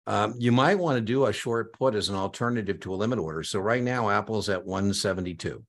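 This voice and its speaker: A male exam prep instructor with a very deep, low voice. He lectures live online in an energetic, conversational way and punctuates his points with emphatic "boom"s. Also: a little fast.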